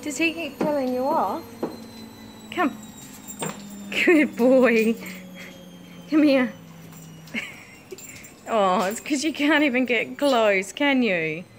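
A woman's voice: high voice, slow pace, long pauses, slight background noise. A woman chatting to her dogs in a playful, cooing baby-talk voice in a casual vlog. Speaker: dog owner vlogger.

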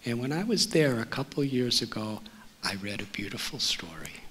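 A man, a spiritual teacher telling a story to an audience in a library auditorium, speaking gently and letting his phrase endings fall soft. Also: mid-range voice, lively intonation, moderate pace, husky. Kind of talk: storytelling talk.

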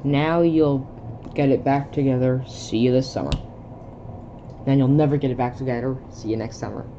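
Reading stage directions and all, a young adult video creator works through a film script in a casual way, tripping over words and pausing to comment in confusion. The voice is medium-pitched, steady, and dark at a moderate pace, and the dull audio carries a bit of hiss or hum.

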